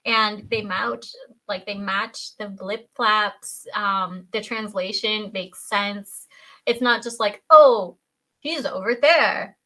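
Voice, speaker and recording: A woman with a bright, forceful voice at a middle pitch talks as a podcast guest. She keeps the chat lively and keeps slipping into funny put-on voices for the quotes she acts out. The tone stays casual throughout. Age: adult, a parent. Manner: chatty, quick to act out quotes in funny voices.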